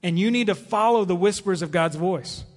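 A man preaching a sermon from the pulpit, earnest, with pauses. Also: sits high. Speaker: pastor. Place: church sanctuary. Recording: long reverb of a church hall.

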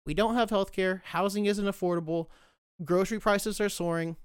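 Male podcast host, worked-up profane rant, sarcastic; clear, high-set voice, dry sound. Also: steady tone, moderate pace, no echo. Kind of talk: casual rant.

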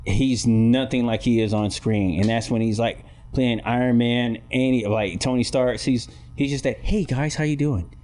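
A man's voice: fairly even intonation, moderate pace, hardly any pauses, darkish tone. A man in casual conversation, rambling through anecdotes and acting out quotes in a raised voice. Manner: rambling storyteller, acts out quotes with raised pitch. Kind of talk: casual chat.

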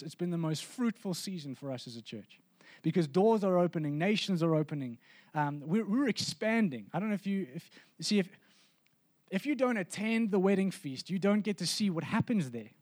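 A man's voice: high-pitched, darkish tone, no echo. A man preaching a sermon as pastor, earnest and conversational, often restarting his sentences.

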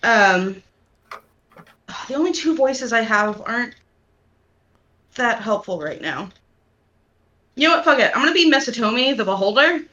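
A woman's voice: fairly high pitch, lively intonation, unhurried, pauses often, pushed and bright, muffled recording. A woman playing a tabletop game, chatty and a bit unsure, swearing casually. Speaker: player.

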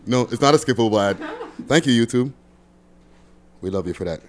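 A man's voice: medium pitch, lively intonation, a little fast. A man hosting a casual reaction podcast, loose and swearing, talking over music. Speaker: podcast host. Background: hip hop music playing.

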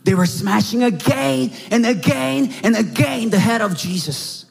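A Korean-accented male preacher delivers a slow, dramatic sermon, dropping to hushed tones and rising to shouts. His voice is high and a little husky. It rings out in a reverberant hall over soft music. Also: lively intonation. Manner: dramatic retelling, acting out mockers with shouts.

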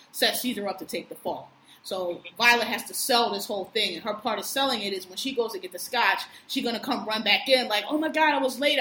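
A woman's voice: mid-range voice, pushed and bright. A woman casually retelling a film's plot, acting out the characters' lines with plenty of swearing. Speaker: podcast co-host recapping a film. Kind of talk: casual storytelling chat. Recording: echoey room with faint noise.

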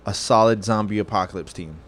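A man's voice: lowish voice, fairly quick. A man hosting a casual, profane chat, rambling and joking, and asking loose hypothetical questions.

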